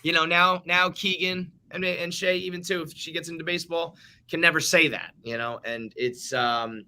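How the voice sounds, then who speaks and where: Bright-voiced joking male podcast host. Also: a little high, moderate pace. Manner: animated, joking, heavy swearing. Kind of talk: casual sports podcast banter.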